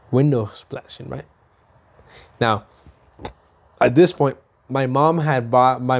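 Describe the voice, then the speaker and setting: A man in his thirties from Mexico, chatting to camera, who tells stories with lively voices for his mom and himself and often repeats and restarts his words. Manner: animated storytelling, acts out his mom and himself with big jumps up in pitch. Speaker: vlogger. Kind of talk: casual chat to camera.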